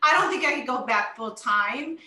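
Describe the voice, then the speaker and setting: Forties woman interview guest, animated and emotional, high and bright; echoey room. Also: moderate pace. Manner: animated, emotional storytelling with many fillers. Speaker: interview guest, retired wrestler. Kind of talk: casual interview chat.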